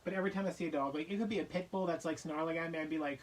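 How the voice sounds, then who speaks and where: A man's voice: fairly high pitch, very fast, few pauses, distant mic, poor audio. Playful joking man chatting on a stream. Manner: playful, jokey storytelling. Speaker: live streamer. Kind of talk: casual chat on a live stream.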